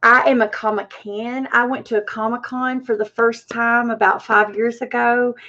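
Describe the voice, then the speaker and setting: An Australian woman is a guest on a casual live stream, and she is full of gushing endearments. Her voice sits a little high and has a gravelly edge. The stream audio is dull and lo-fi. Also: flat delivery, moderate pace, bright, forceful tone. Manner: gushing, calls people honey and baby girl.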